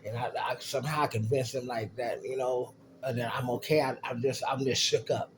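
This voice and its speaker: A man casually telling a profane, animated story from his childhood, acting out the voices of the people in it. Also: mid-range voice, moderate pace, background noise.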